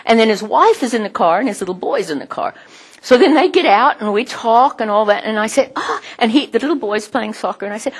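Husky, animated woman preaching. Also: fairly high pitch, normal speed. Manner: animated, chatty, laughs often, mimics sounds. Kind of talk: sermon with personal stories.

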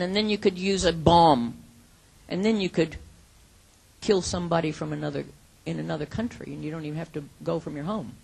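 A woman preaching a sermon in an earnest, emphatic way, acting out imagined prayers and dropping from loud to hushed. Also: mid-range voice, slightly rough, rough recording.

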